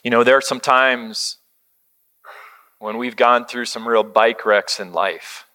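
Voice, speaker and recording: A middle-aged man preaching a sermon, telling a family story in a conversational way and dropping to a soft hush when he quotes words of comfort. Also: medium pitch, steady tone, slow pace. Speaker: pastor.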